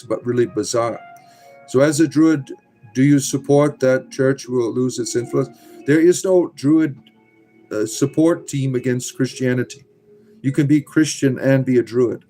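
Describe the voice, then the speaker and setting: During a casual livestream, a man with a medium-pitched, dark-toned voice reads chat from viewers. His replies are blunt and sarcastic, and he curses without restraint.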